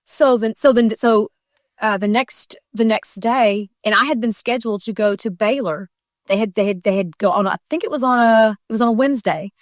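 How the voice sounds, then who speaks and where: A woman's voice: fairly high pitch, normal speed, dry recording, clean studio sound. A middle-aged woman telling a personal faith story as a podcast guest, earnest and tumbling, with many restarts and fillers.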